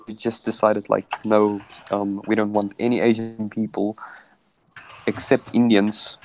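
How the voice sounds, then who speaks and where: A man's voice: on the low side, little pitch movement, unhurried, darkish tone, rough recording. A man chatting casually on a video call, telling a long story with many restarts. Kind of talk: casual chat.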